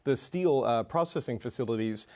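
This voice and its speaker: A man's voice: mid-range voice, normal speed. A man, a TV political host, giving live news analysis in a thoughtful way, with frequent restarts and fillers.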